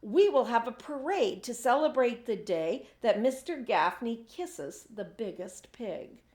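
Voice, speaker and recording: A woman's voice: a little high, animated, unhurried, a little mellow. A woman reading aloud, voicing a bossy, cheerful female teacher with emphatic, dismissive retorts. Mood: firm, upbeat. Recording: echoey room.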